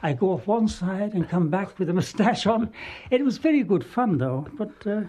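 Older male ex-actor, husky and warm, amused rambling recollection. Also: high-pitched, animated, moderate pace. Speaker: former travelling actor. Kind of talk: anecdotal reminiscence.

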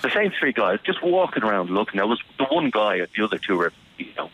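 A man with an Irish accent calling a radio show, telling his story in an animated, indignant way. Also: fairly low pitch, fast talker, background noise. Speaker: caller.

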